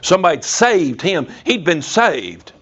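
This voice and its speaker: A man's voice: on the high side, sing-song, measured pace, a bit bright. Folksy storytelling preacher man. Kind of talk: sermon. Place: prison chapel.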